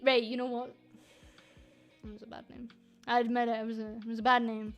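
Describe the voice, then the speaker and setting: A woman's voice: on the high side, fairly even intonation, normal speed, faint music behind. A woman with a Scottish accent who runs a VTuber agency, answering viewer questions in a casual livestream. She talks frankly and jokingly, with plenty of fillers and restarts.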